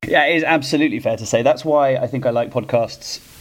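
A man appearing as a guest on a podcast, speaking thoughtfully in measured casual chat. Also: mid-range voice.

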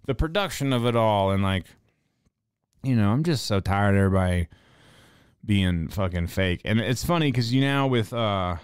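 A man's voice: fairly low pitch, animated, moderate pace, smooth, dry recording, studio quality. A man hosting a podcast in casual, rambling chat, swearing often and slipping into heated rants. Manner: profane, rambling, ranting. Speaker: podcast host.

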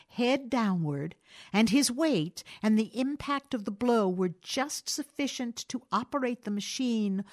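Lady reading old stories out loud, very lively up and down voice. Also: fairly high pitch. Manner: expressive, lively. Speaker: reader, narrator. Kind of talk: storytelling narration.

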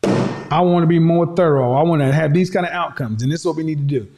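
A man's voice: fairly high pitch, fast talker, a little mellow. A man talking to his audience in an emphatic, preachy commentary, repeating his points for effect. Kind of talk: opinionated commentary monologue.

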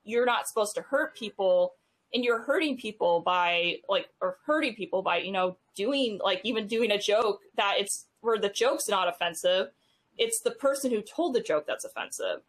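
A woman in her thirties, a podcast guest telling stories in a halting, casual way full of fillers. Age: 30s. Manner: halting, many fillers, rises in pitch when animated. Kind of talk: casual conversational storytelling.

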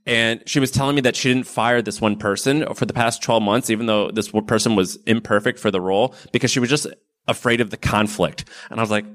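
A man's voice: fairly low pitch, steady tone, brisk, a bit bright. A man as a podcast guest, telling rambling stories in casual conversation and laughing often.

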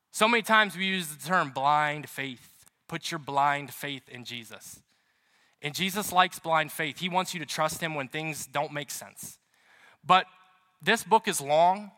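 A male pastor preaches a sermon in church, chatty and full of stories, repeating points for emphasis. His voice is fairly high, pushed, and bright, and the hall is reverberant.

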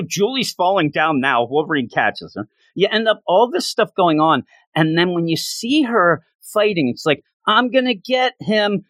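A man in casual chat, excitedly recapping a comic book issue in a rambling way. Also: sits high, no echo. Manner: enthusiastic, rambling recap with frequent laughs.

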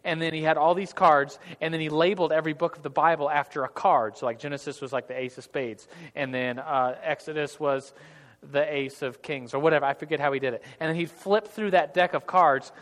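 A man's voice: a little high, steady tone, fairly quick, a bit bright, big-room sound. A man leading an interactive church group class, talking casually and jokingly with many restarts. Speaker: Bible class leader. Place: large hall with tables of listeners.

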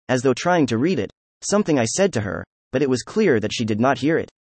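A steady male audiobook narrator reads scripted narration in a mid-range voice. The sound is dry, with no room sound.

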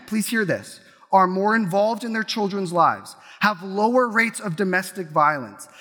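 A man in his thirties preaches to a congregation, his high, bright voice ringing through a large hall with a long tail of reverb. He tells stories in an animated way and often restarts his sentences. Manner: animated storytelling with repeated restarts. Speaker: pastor. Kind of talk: sermon.

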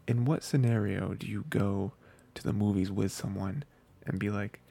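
A man co-hosting a podcast, reviewing an anime in a loose, rambling way, full of fillers and quick quoted asides. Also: lowish voice, fairly even intonation, creaky, mellow, slightly rough. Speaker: podcast co-host. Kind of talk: casual anime review chat.

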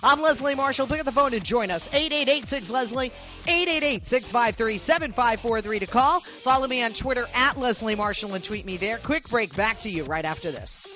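A woman's voice: fairly high pitch, lively intonation, a little fast, pushed and bright, soft background music. A woman from the Boston area with a Boston accent, hosting a talk radio show and delivering an indignant, sarcastic monologue full of rhetorical questions.

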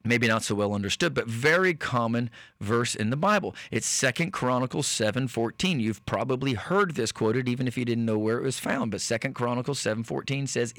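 A man hosting a radio talk show as a preacher, speaking in an earnest, slow, emphatic way with many fillers and restarts. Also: mid-range voice, lively intonation, fairly bright tone, no echo. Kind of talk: radio sermon-style talk.

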